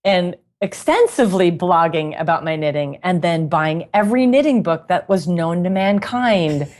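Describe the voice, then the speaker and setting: A woman guest in a casual interview, telling stories in a chatty, animated way and laughing often. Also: fairly low pitch, moderate pace. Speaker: guest musician and knitting author.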